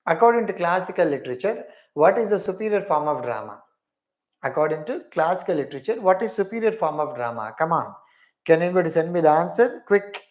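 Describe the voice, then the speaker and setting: A man's voice: on the high side, lively intonation, fairly quick. A man teaching English literature in a live online class, repeating each question and praising every student's answer.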